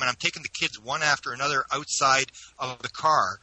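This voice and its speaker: A man who is an interview guest, telling a personal story in an animated way with frequent restarts. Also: mid-range voice, quick pace, few pauses, dry recording, low-quality recording. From Canada.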